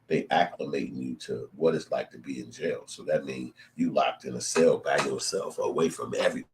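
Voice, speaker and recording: Brief: middle-aged man, very low voice, profane and animated commentary. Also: a little fast, noisy background. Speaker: channel host. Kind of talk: casual commentary.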